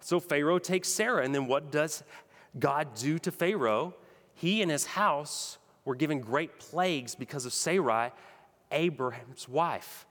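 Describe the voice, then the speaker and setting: A man's voice: fairly high pitch, expressive, unhurried, a bit bright, long reverb tail. A man preaching a sermon with emphatic, rhythmic delivery. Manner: emphatic preaching, builds to repeated punchy phrases. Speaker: pastor.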